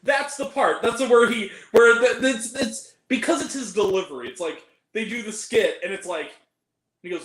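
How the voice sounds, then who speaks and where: A man hosting a casual chat about movies, animated and laughing often, acting out quoted lines. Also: high-pitched, moderate pace, echoey room, low-quality recording. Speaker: channel host.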